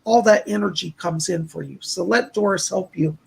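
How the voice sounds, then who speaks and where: Hoarse gravelly psychic on a livestream. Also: male voice, sits high, moderate pace. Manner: gentle, reassuring, relays messages with repeated "she said". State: losing his voice, hoarse. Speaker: psychic medium hosting a livestream. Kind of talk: live psychic readings answering chat.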